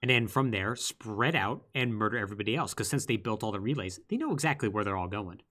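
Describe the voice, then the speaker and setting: A man co-hosting a podcast recaps a game's plot in casual conversation. His pitch swings widely as he tells the story, full of quick asides and bursts of energy. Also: animated, bright, forceful tone. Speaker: podcast co-host. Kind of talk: casual chat recapping a video game.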